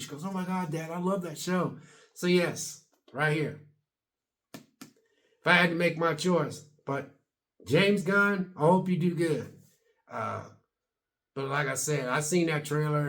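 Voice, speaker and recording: A man's voice: fairly high pitch, a bit bright. Chatty older man rambling to camera. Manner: rambling and chatty with casual double negatives. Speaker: video blogger. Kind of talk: casual rambling opinion vlog.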